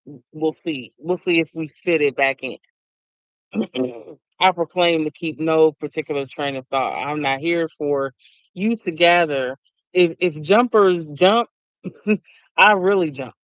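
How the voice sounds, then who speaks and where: A middle-aged man rambles through a loose, casual monologue and breaks into laughter often. His voice sits fairly high and sounds smooth, recorded dry and close. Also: takes it slowly, long pauses, a bit bright, no room sound, poor audio. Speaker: vlogger.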